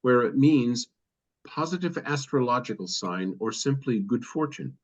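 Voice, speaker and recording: A man's voice: medium pitch, lively intonation, a little slow. Man reading a text aloud, lo-fi. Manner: reads steadily, occasionally stumbles and corrects himself. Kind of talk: reading aloud in a study session. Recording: dull lo-fi audio.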